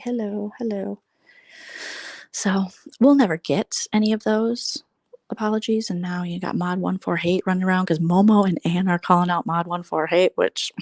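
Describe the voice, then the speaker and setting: A woman's voice: mid-range voice, a little mellow, no echo. A woman hosting a casual late-night livestream, blunt and sarcastic, swearing freely and often dropping into a whisper for asides. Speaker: livestream host.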